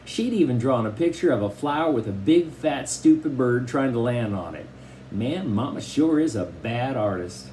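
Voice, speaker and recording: Here a male audiobook reader narrates a children's novel from a script, his pitch rising and falling as he tells the story with expression. He speaks at an ordinary speed over a faint hiss or hum.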